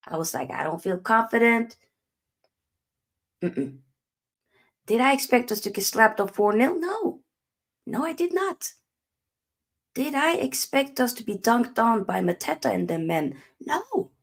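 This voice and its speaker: A woman's voice: fairly high pitch, sing-song, unhurried, creaky, long pauses. A young woman hosting a live football match reaction, ranting emphatically and answering her own rhetorical questions. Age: young adult. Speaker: football channel host.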